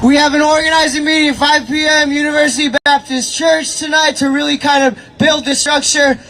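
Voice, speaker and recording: A man emceeing an outdoor street protest, shouting rousing calls to the crowd. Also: extremely high pitch, level tone, a little fast, low-quality recording. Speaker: rally emcee. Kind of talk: shouted rally speech. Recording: loud crowd noise. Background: cheering crowd.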